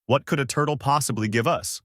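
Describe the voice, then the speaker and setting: A man's voice: mid-range voice, brisk, a bit bright, dry recording, studio quality, pitched above the performer's own voice, natural voice. A man doing a bossy, snappy young woman. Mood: snippy. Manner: snappy and sarcastic.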